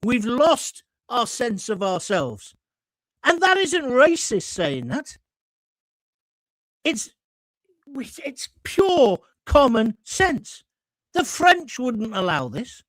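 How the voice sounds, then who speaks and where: A man's voice: extremely high pitch, wildly swooping pitch, slow, long pauses, a bit bright, dry recording, rough recording. A man from England hosting a live call-in stream, ranting indignantly, sometimes swearing and getting heated as he reads viewer comments. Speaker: host of live call-in show. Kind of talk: opinionated live-stream monologue.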